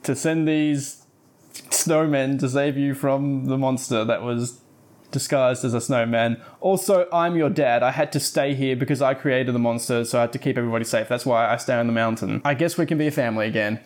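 A man's voice: medium pitch, steady tone, fairly quick, lightly acted. A man voicing a reclusive bearded mountain guardian who stumbles over repeated words. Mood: explaining.

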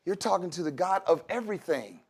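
A man's voice: sits high, animated, a little fast, slightly rough. A man preaching a sermon in a conversational way, with laughs and asides to the congregation. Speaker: pastor.

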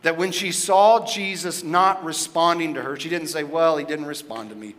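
A man's voice: fairly high pitch, moderate pace, a bit bright. A man preaching a sermon as pastor, in a conversational way that keeps asking the congregation questions. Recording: long hall reverb.

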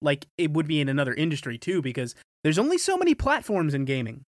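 Brief: male co-host, fairly high voice, very lively pitch, dry close sound. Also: quick pace, no echo. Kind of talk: casual chat.

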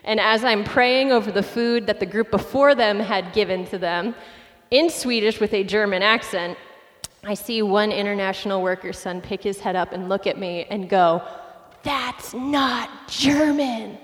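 A woman pastor in her late twenties, preaching a sermon with animated, self-deprecating personal stories. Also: medium pitch, moderate pace, big-room sound.

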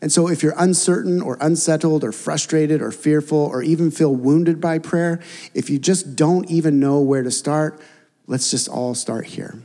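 A man preaching a sermon as a pastor, earnest and conversational, sometimes dropping to a soft, intimate tone. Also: fairly high pitch, moderate pace, big-room sound.

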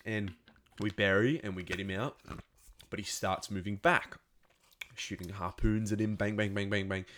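A man with a fairly low voice talks through an episode off the cuff. He stumbles, restarts and drops in sound effects as he goes, getting more excited at the big moments. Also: moderate pace, slight background noise. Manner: rambling, animated, with many restarts and sound effects. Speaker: show recapper. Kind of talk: casual spoken recap.

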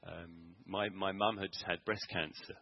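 A man preaches in a church, telling his story in an earnest, halting way. His voice sits very low and sounds husky. The recording is dull and muffled. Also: fairly even intonation. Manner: earnest storytelling with many ums and restarts. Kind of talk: sermon testimony.

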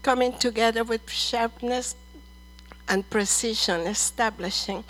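The recording is rough as a middle-aged woman speaks prophetic words over churchgoers, calling them "dear" and "brother" in a sincere, measured way. She has a fairly high, fairly bright voice.

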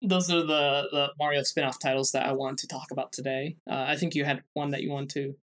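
A man's voice: medium pitch, level tone, a bit bright. Hesitant man presenting a podcast segment. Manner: halting, many fillers and restarts. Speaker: podcast co-host. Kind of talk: casual chat, presenting a researched segment.

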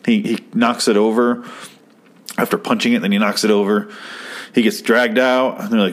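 A young man recapping a TV episode in a casual, rambling, profane commentary, getting excited as he goes. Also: on the low side, fairly quick. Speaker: show host.

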